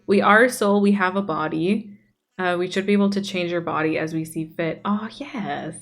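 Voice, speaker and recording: A woman's voice: mid-range voice, a bit bright. A woman streamer chatting casually as she plays, reading out chat messages and gushing over the game. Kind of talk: casual chat while gaming.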